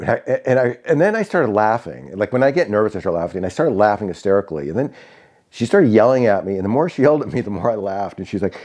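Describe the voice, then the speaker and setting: A man's voice: on the low side, very animated, fast talker, darkish tone. A man in his sixties from Connecticut, telling stories casually with many fillers and restarts. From Connecticut, USA. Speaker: vlogger. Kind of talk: casual storytelling.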